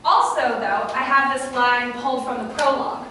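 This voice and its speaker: A young woman presenting a workshop to a live audience, chatty and lively, with fillers and asides to the listeners. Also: sits high, normal speed, background noise. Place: classroom or small auditorium with an audience. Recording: echoey room, far from the mic.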